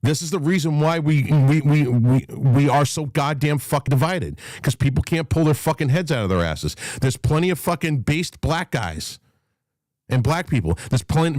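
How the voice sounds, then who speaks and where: A man's voice: on the high side, expressive, normal speed, darkish tone, no echo. A man hosting a live talk room, ranting in an angry, profane, emphatic way and repeating himself as he drives his points home. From New York, USA. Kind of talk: heated live chat rant.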